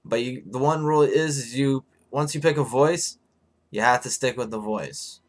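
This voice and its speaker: A man hosting a live stream in casual chat, hoarse and rambling, swearing freely as he answers his viewers. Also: mid-range voice, normal speed.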